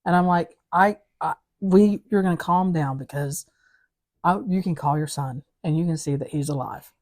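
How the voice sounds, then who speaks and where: A woman's voice: fairly low pitch, moderate pace, a little mellow. A woman officer telling a story in casual chat, acting out the people in it and laughing through the punchlines. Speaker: corrections officer and co-host.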